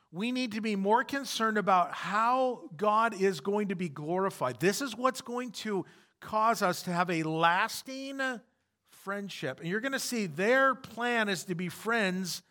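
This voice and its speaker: A man's voice: high-pitched, expressive, takes it slowly, bright, forceful tone. A man preaching a sermon as pastor, emphatic and repeating his key points.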